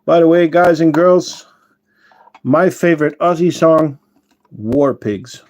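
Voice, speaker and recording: A man hosting a casual livestream, chatting with viewers and answering their comments, unhurried and full of fillers and self-corrections. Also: on the high side, a little mellow. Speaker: ant-keeping channel host and shop owner.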